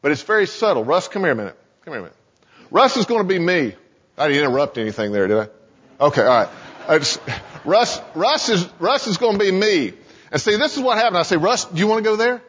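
A man's voice: fairly high pitch, very animated, fast talker, a bit bright, husky. Man preaching a conversational sermon. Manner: conversational, repeats words when starting sentences. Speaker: pastor. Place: church sanctuary. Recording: echoey hall, dull sound.

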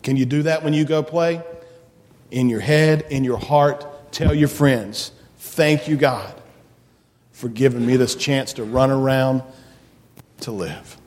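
A man's voice: medium pitch, takes it slowly, a little mellow, long reverb tail. A man giving a children's message in church, asking children playful questions and leading a prayer. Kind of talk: children's sermon. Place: church sanctuary.

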